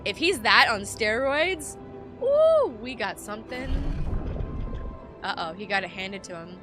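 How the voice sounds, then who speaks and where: A woman streaming a video game, commenting live and reading the game text aloud, animated and joking, swearing freely. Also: mid-range voice, a little slow, music in the background. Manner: animated, swears freely, jokes and reacts loudly.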